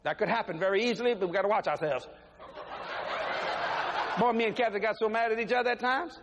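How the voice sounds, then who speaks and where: An older man preaching a folksy, animated sermon to his church, full of acted-out quotes. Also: sits high, fast talker. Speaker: pastor. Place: church sanctuary. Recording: echoey hall, faint noise.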